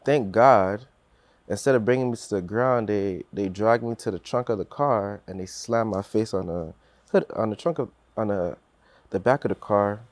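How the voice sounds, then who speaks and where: A man with a fairly low voice recounts a personal story on a podcast, earnest and halting, restarting his sentences and acting out what others said. The sound is dry and close to the mic, with no room echo. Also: a little mellow. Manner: earnest storytelling, acts out quotes, many restarts.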